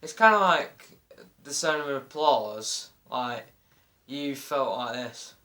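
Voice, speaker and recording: A man's voice: medium pitch, expressive, takes it slowly, bright, forceful tone. A man chatting casually, hesitant and searching for words as he goes. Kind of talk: casual chat.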